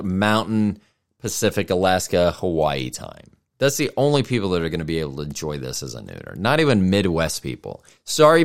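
A middle-aged man hosting a casual solo podcast, rambling and self-deprecating as he thinks out loud. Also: deep voice. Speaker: podcast host.

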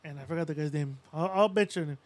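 High-voiced profane storytelling man. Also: fast, no echo. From Puerto Rico. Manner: profane storytelling, mimics people in quotes. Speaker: podcast co-host. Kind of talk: casual chat.

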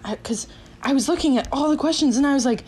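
A woman in her twenties casually telling a story on a podcast, animated, laughing often and acting out what people said. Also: high-pitched, quick pace, rough recording. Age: 20s.

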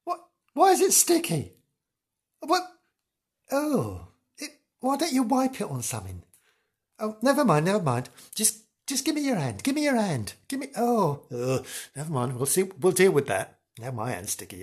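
A man playing a fussy, dithering woman field reporter in a comic sketch, with a husky voice. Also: high voice, wildly swooping pitch, normal speed, exaggerated voice. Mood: disgusted. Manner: fussy, dithering, shrieking with alarm. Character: flustered, excitable middle-aged woman field reporter. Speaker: on-location reporter.

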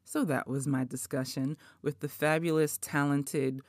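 A woman in her forties hosts her podcast with a low voice and a dry, close sound. She talks casually, swears freely, laughs a lot and rants in mock outrage. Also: a little slow, no echo. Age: 40s. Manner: profane, animated, laughs often, mock outrage. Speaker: podcast host. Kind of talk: casual chat.

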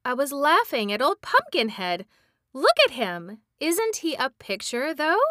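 A woman's voice: sits high, very animated, measured pace, a bit bright, dry recording, studio quality, voice pushed up, full character voice. A woman doing a cheeky young boy. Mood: protesting.

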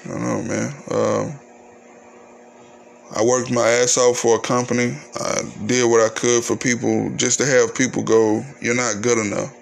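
A man's voice: medium pitch, little pitch movement, a little slow, creaky. Male podcaster, mid-range voice, blunt and profane, venting solo over faint noise. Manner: candid, ranting, profane. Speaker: podcast host. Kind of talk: casual solo podcast monologue.

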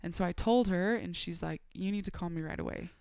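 A young adult woman sits as a podcast guest and tells a personal story in casual conversation. Her voice sits a little low for a woman, smooth and edged with gravelly fry. She laughs often and acts out the lines she quotes, recorded close and dry. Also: brisk, a little mellow, dry recording.

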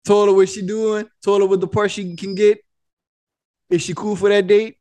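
A man co-hosting a casual podcast, blunt and profane, telling stories in an animated way. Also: high-pitched, normal speed. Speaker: podcast co-host.

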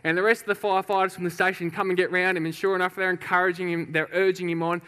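A man preaching a sermon, telling a personal story with laughs and acted-out shouts. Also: high voice, fast, clear, resonant tone. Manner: lively storyteller, laughs often, acts out shouts. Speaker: pastor. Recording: reverberant hall.

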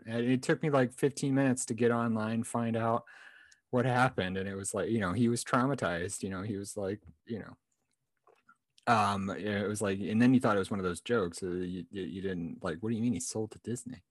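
A man's voice: fairly low pitch, fairly even intonation, brisk, no room sound. A man hosting a podcast, chatting casually with lots of "you know" and restarts. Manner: conversational, full of fillers and restarts. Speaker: podcast host. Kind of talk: casual chat.

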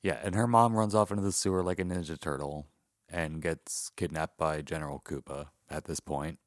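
Low-voiced male podcast co-host, sarcastic plot recapper, dry close sound. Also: normal speed, no room sound. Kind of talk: casual comedic movie review chat.

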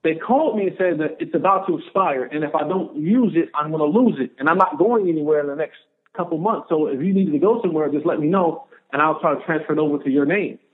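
A man tells a long personal story in an interview with lively energy, acting out every exchange he quotes. His voice sits a little high for a man. The sound is thin and narrow, like a phone line. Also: fast talker. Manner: animated storyteller, acts out quoted dialogue. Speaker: podcast guest, former pro football player.

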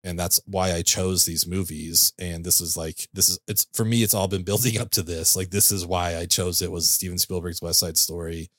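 Casting: male podcast host, very low voice, upbeat and rambling, dry close mic. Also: fairly even intonation, moderate pace, few pauses, a bit bright, no room sound. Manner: enthusiastic, laughs often, loose filler-heavy phrasing. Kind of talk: casual movie podcast chat.

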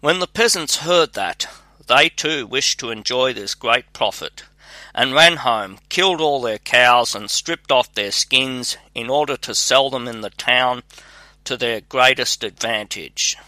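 A man narrating a fairy tale in a measured, even read-aloud manner. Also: mid-range voice, no echo. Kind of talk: storybook narration.

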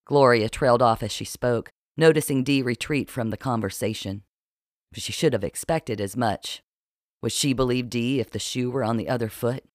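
A man narrating an audiobook in a steady storytelling manner. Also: mid-range voice, normal speed, no room sound, clean studio sound.

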